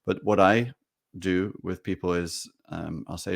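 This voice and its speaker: A man co-hosting a podcast, giving relaxed advice to leaders in casual conversation. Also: sits low, a little slow, creaky. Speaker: podcast co-host.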